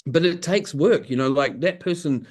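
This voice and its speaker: A man, a communication coach, telling stories in a casual podcast conversation, animated and laughing often as he acts out what people said. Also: fairly high pitch, moderate pace, husky.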